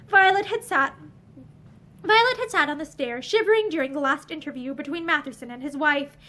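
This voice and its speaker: High-voiced woman reading a novel aloud. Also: brisk, pushed and bright. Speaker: narrator. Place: indoor room with bookshelves.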